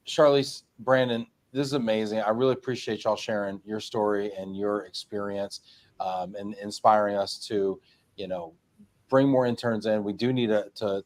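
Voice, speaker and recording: A man's voice: fairly low pitch, a little mellow. Jokey self-deprecating male host. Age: 30s or older. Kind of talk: casual panel chat.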